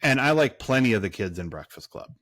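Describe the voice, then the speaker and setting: A man's voice: mid-range voice, big pitch swings, a little fast, a bit bright, no room sound, studio quality. A man co-hosting a movie podcast in casual chat, rambling and cursing, full of fillers and restarts. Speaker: podcast co-host.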